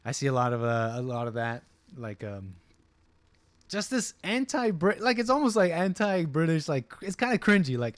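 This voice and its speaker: A man's voice: medium pitch, lively intonation, a little fast, no echo. A man hosting a casual livestream, rambling with many fillers and restarts and mocking voices for the people he quotes. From United States. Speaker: livestream host.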